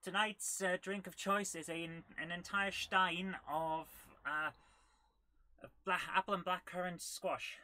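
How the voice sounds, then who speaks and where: A woman hosting a casual retro gaming live stream, chatting with viewers and reacting excitedly while she plays. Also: on the low side, unhurried. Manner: chatty, reads viewer comments aloud, bursts of excitement while playing.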